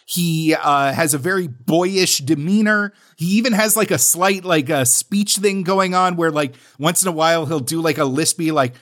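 A man's voice: a little high, moderate pace, few pauses, fairly bright tone. A man co-hosting a podcast in casual chat, talking loosely with many fillers and casual swearing. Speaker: podcast co-host.

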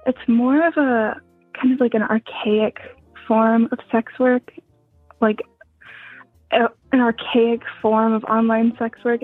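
A young woman with a soft, breathy voice, chatting casually as a guest and rambling with many fillers. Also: fairly high pitch. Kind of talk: casual interview chat. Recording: tinny phone-like sound.

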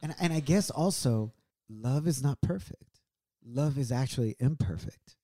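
A man's voice: lively intonation, a little slow. A man telling a personal story on a couple's podcast, earnest and reflective, his voice rising and dropping with feeling. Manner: earnest, reflective, swings from low and quiet to raised. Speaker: podcast co-host.

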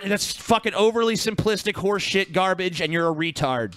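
A man's voice: high-pitched, brisk, vocal fry, few pauses, fairly bright tone, dry recording. Profane, combative man ranting on a podcast. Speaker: podcast co-host. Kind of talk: profane casual chat.

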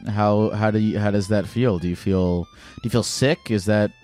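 Low-voiced man hosting a call-in show. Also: steady tone, moderate pace, soft background music. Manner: easygoing, gently probing questions with fillers. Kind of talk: casual phone-in chat.

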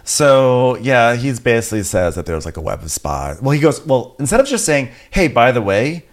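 A man's voice: mid-range voice, sing-song, moderate pace. A man co-hosting a comedy podcast, recapping a TV episode in a wry way and laughing often. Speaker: podcast co-host.

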